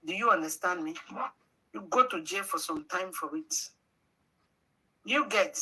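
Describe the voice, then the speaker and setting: Scolding her viewers through rhetorical questions and slipping into pidgin, a Nigerian-accented woman delivers livestream commentary. Her mid-range voice is bright, forceful and animated at a moderate pace, captured in a low-quality recording.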